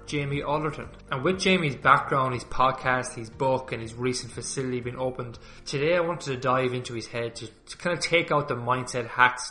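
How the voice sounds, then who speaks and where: A man's voice: mid-range voice, pushed and bright. Male podcast host, casual and chatty, echoey room, faint music bed. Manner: chatty, loose, restarts and fillers. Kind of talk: casual interview intro. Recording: roomy echo with faint music, slightly dull.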